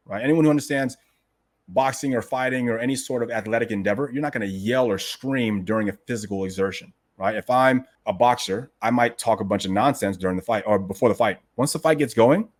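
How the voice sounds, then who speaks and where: A man's voice: mid-range voice, brisk. A man hosting a show who reads passages from a classic text aloud and then explains them in a casual, emphatic way, often asking "right?" and talking to the listeners as "guys". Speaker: host explaining a martial arts classic.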